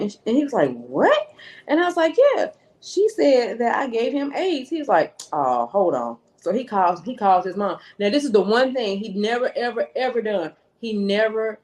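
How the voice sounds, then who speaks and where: A podcast guest with a mid-range, slightly mellow female voice tells a personal story in a casual, chatty way. She acts out the voices in the dialogue she remembers.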